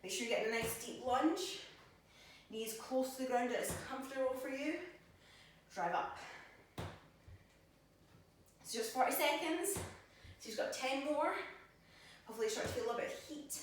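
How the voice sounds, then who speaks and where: A woman's voice: high-pitched, moderate pace, long pauses, slight background noise. A woman personal trainer leading a workout, counting reps and cueing moves while she exercises, a little out of breath. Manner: encouraging, counts reps aloud. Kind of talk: workout instruction while demonstrating. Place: gym. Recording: very echoey gym from far off.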